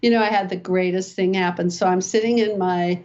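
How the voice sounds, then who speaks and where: A woman's voice: on the low side, fairly even intonation, brisk, a little mellow, lo-fi sound. An older woman, a podcast guest and personal development coach, telling stories in a chatty, rambling way. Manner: chatty, rambling anecdotes with fillers. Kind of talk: animated storytelling in conversation.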